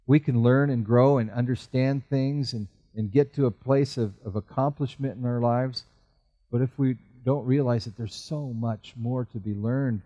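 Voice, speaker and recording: A middle-aged man serving as pastor gives a sincere sermon at normal speed in a warm voice. He performs the voices of biblical figures, his pitch rising as he does.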